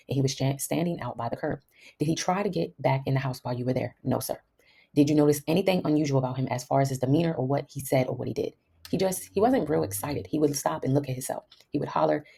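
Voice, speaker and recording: Woman host, quick and gravelly, reads all the testimony herself and drops dry asides. Low, dark tone, husky edge. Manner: reads every part in the same voice with wry asides. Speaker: podcast host. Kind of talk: reading a court transcript aloud.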